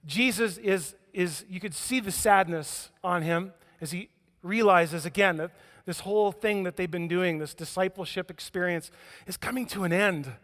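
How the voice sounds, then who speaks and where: A man's voice: high voice, moderate pace, fairly bright tone. A man preaching a sermon as pastor, telling stories with humor and acting out the scenes. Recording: echoey church hall.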